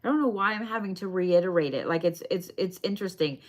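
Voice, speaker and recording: A woman's voice: on the low side, fast. A woman giving bone readings on a live stream in a casual, chatty way, swearing now and then and talking straight to her viewers. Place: her shop.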